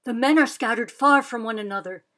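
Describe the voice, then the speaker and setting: A woman's voice: a little high, brisk, a bit bright, lightly acted. A woman voicing a stern father who commands a militia, speaking firmly. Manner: firm, commanding.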